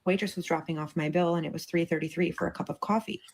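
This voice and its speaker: A woman putting on a mysterious older gambler, a man in his fifties who speaks quietly and solemnly with a fairly low voice. He sounds grave and measured in this spoken ghost story. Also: steady tone. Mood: ominous.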